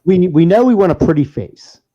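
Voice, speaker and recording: A man's voice: high-pitched, animated, fairly quick. Rambling laughing man, lo-fi podcast. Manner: rambling, laughs often, restarts. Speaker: podcast co-host and DJ. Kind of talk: casual banter. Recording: dull lo-fi sound.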